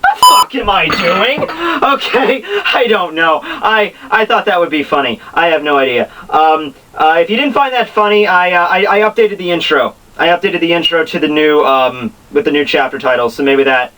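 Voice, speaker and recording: A young man rambling excitably as he reviews a manga chapter, full of restarts and asides. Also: fairly high pitch, fairly quick, hardly any pauses, recorded from a distance, rough recording. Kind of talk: casual chapter review vlog.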